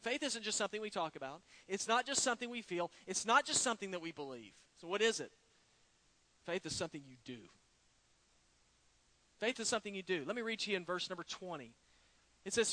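A man's voice: high-pitched, very animated, a little fast, pauses often, bright, forceful tone, dry recording. A man preaching a sermon, conversational, asking rhetorical questions and retelling stories. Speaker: pastor.

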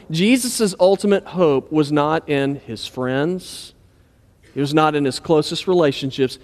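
A male pastor delivers a sermon with a notably high-pitched voice. He talks in a relaxed, conversational manner, often sinking to a low, soft voice to drive a point home. The sound carries a long reverb, as in a large hall. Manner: conversational preaching, dropping low and quiet for emphasis.

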